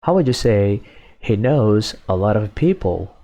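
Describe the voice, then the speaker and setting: A man teaching a language lesson, repeating each phrase several times in a patient, measured way. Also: on the low side, sing-song, warm tone. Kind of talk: slow, repetitive lesson drills.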